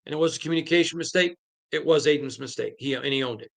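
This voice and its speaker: A man's voice: fairly high pitch, fast talker, creaky, fairly bright tone. A man hosting a sports podcast, talking alone in an emphatic storytelling manner and retelling conversations. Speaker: podcast host. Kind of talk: solo sports podcast commentary.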